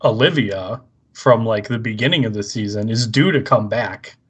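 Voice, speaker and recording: A man's voice: fairly low pitch, moderate pace, a bit bright, slightly rough. A man co-hosting a podcast, chatting casually and tossing in dry, crude wisecracks. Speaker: podcast co-host.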